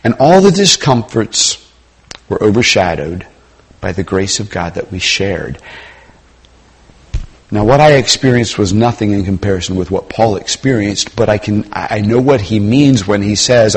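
Middle-aged male preacher, husky and a bit low, conversational sermon with loud peaks and quiet asides. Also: sing-song, normal speed.

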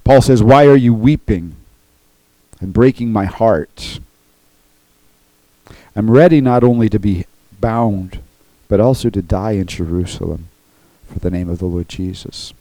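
A male pastor delivers a sermon in a low, mellow voice that stays earnest and emphatic. He keeps checking in with his congregation between points. The sound is dry and close. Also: unhurried, no echo, low-quality recording.

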